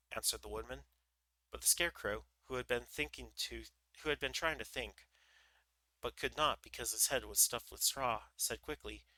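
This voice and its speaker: Streamer reading a story aloud, very bright voice, stumbles a bit. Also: male voice, mid-range voice, normal speed, no echo, low-quality recording. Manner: relaxed, with small slips and restarts. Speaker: livestream storyteller. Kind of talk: reading a children's book aloud.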